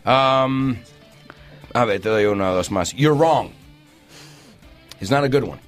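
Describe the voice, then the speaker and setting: A man hosting a radio talk show in a studio, jokey and animated, acting out everyday phrases as he explains them. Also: fairly low pitch, normal speed, faint music behind.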